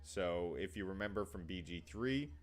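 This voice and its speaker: A man with a very deep voice co-hosting a casual game-reaction show. He sounds easygoing and upbeat as he talks about new releases. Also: moderate pace. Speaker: co-host.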